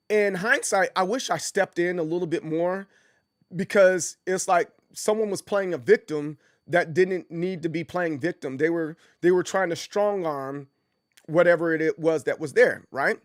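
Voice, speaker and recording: A male streamer talking casually on his livestream, rambling through stories with lots of restarts and sudden jumps into squeaky mock voices. His voice sits a bit high for a man. The sound is dry and close, with no room around it. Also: normal speed, no echo. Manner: frequent restarts and laughter.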